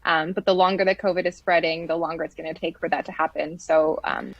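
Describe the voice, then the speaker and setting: A woman reporter posing a question in a news interview, measured and even. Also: fairly low pitch. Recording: dry dull clip audio.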